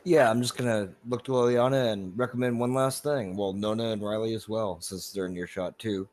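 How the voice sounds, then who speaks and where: A man playing a tabletop role-playing game, speaking calmly and dryly in character. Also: on the low side, a little fast. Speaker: player.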